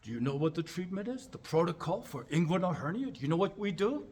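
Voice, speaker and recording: A man, a chiropractor, telling a funny personal story as a speech and acting out the lines with big jumps in pitch and volume. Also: sing-song, quick pace, a little mellow, husky.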